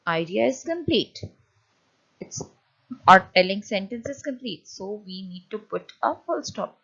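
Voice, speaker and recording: A woman teacher giving a lecture on punctuation, often pausing and restarting as she explains. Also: medium pitch, animated, fairly bright tone, husky, lo-fi sound. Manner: hesitant, many fillers and restarts while explaining.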